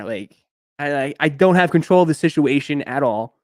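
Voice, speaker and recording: A man's voice: a little high, expressive, fairly quick, no room sound. Rambling young man, dry close sound. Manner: rambling storyteller with many fillers. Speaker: sneaker live stream host. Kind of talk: casual live stream chat.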